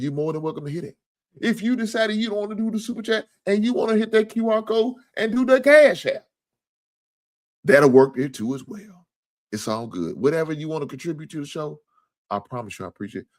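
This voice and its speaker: A man hosting a casual sports talk livestream, joking, swearing freely and thanking viewers for donations. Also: medium pitch. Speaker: sports talk show host.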